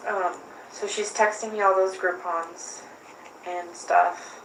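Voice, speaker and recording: A woman's voice: lowish voice, steady tone, takes it slowly, vocal fry, a bit bright. A woman questioned by authorities, recounting events and retelling text exchanges in an interview room. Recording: echoey room, voice from far off, faint hiss.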